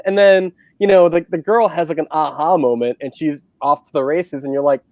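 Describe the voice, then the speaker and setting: A man's voice: a little high, brisk, few pauses, no room sound. A man reviewing movies, chatting on a livestream and animatedly retelling scenes. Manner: animated storyteller, acting out scenes. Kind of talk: casual livestream chat.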